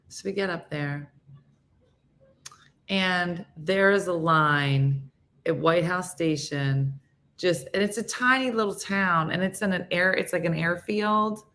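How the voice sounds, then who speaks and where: A woman's voice: fairly low pitch, slow, pauses often, a bit bright. Chatty self-mocking woman host. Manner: chatty and self-mocking, breaks into acted-out quotes. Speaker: morning show host. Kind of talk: casual comedic monologue chatting with live viewers.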